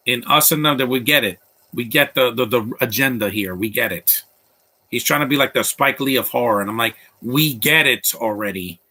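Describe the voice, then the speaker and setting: Blunt, rambling man with a bright voice. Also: medium pitch. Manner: blunt and opinionated, rambling with restarts. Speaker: host of a live movie commentary stream. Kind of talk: casual live movie commentary.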